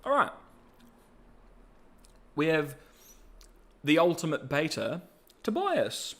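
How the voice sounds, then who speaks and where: A male host chatters casually in a loose, rambling way. He laughs easily and pokes fun at himself. His voice is mid-pitched and unremarkable. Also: unhurried, a bit bright. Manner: rambling, chatty, self-deprecating, laughs often. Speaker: podcast host. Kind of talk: casual commentary.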